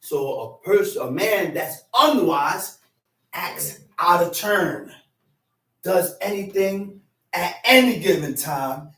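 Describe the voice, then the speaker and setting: Animated preacher man, high voice, echoey. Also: slow pace, recorded from a distance. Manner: animated, acts out quarrels with shouting; repeats phrases for emphasis. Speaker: teacher. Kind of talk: street-corner Bible teaching.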